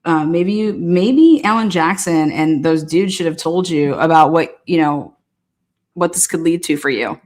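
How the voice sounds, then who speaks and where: A woman with a fairly low voice, hosting a casual live stream. She talks to her viewers in a chatty, sassy and blunt way, swearing freely as she goes. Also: animated, a little slow, darkish tone. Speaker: livestream host.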